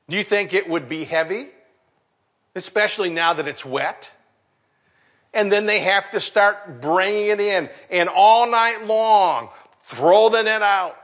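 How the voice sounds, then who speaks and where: A middle-aged man preaching a sermon, animated and acting out the voices of the people in his story. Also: sits high. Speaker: pastor.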